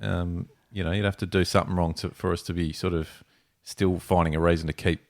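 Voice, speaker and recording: A man's voice: low voice, level tone, fairly quick, gravelly. A man hosting a podcast, rambling and laughing in casual chat. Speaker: podcast host.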